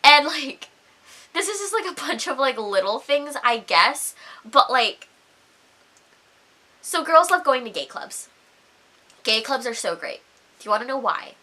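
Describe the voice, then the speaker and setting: Bright-voiced young woman ranting, swearing freely. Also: high voice, a little slow, long pauses. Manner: animated, profane, lots of "like". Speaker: vlogger. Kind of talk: storytime rant.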